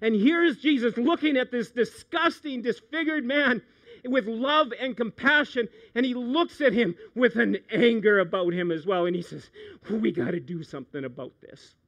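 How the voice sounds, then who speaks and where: A middle-aged man, a pastor preaching a sermon, animated, moving from hushed storytelling to loud outbursts. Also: very high voice, normal speed.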